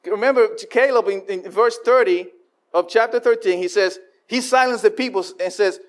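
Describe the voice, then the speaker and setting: A man preaching a sermon, animated and repeating himself as he acts out voices of the people. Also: high voice, fairly quick. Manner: frequent repetitions and restarts.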